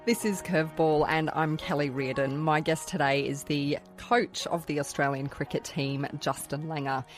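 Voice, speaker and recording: A woman hosts a podcast interview and asks probing questions in a relaxed, conversational way. Her voice sits very low for a woman. Faint music plays behind her. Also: normal speed. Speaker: podcast host.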